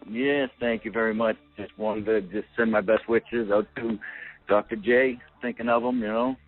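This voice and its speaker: A man with a Boston accent calling in to a radio show, friendly and relaxed. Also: fairly low pitch, normal speed. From New England. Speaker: caller. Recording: dry phone-line sound.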